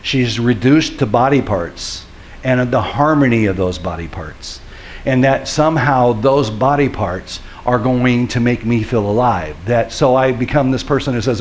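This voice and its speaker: A middle-aged man, a pastor, giving a sermon in an earnest storytelling way that builds to forceful preaching. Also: mid-range voice, moderate pace.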